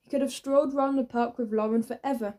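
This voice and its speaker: Woman narrator, children's audiobook, lively, warm mellow voice, slightly high. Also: fast. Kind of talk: scripted narration.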